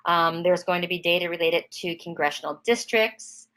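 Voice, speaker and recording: A woman giving an online software demonstration in a casual way, with many fillers and restarts, speaking over a web call. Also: lowish voice, moderate pace, rough recording. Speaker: product trainer.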